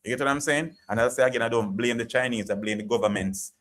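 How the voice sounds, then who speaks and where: Hosting a live chat stream, this man from Jamaica talks at a quick pace in a mid-range, slightly bright voice with a Jamaican accent. He rants with passion, voicing strong opinions and repeating himself, especially "you get what I'm saying."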